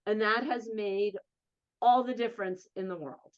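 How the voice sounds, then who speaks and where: A woman's voice: medium pitch, steady tone, clean tone, lo-fi sound. A woman with a New Jersey accent, an interview guest and advocate, telling her own story candidly and emphatically. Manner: earnest, emphatic, quick bursts of speech.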